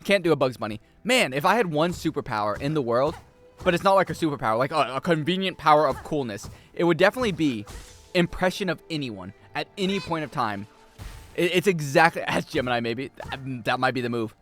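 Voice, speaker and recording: A man's voice: fairly high pitch, expressive, a little fast, a bit bright, soft background music. A male streamer rambling and joking casually with his chat while he plays. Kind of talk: casual game-stream chatter.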